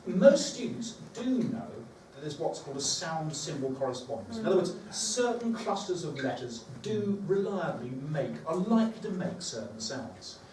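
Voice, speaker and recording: In an echoey room, far from the mic and with background noise, a man leads a workshop for teachers. His fairly high, slightly mellow voice swings widely in pitch at a moderate pace with hardly any pauses, as he talks conversationally and thinks aloud with fillers.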